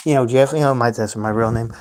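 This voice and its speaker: A young man talks loosely on a solo livestream at a middling pitch. He rambles, sighs, swears freely and lets his sentences trail off. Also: darkish tone. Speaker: livestream host.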